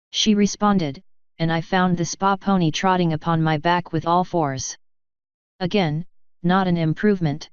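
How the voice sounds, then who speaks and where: A woman narrating a story in a lowish, very smooth voice with an even read-aloud delivery. The recording is dry and slightly dull, like a home setup. It is fanfiction audiobook narration. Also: a little slow, dry recording. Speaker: fanfiction reader.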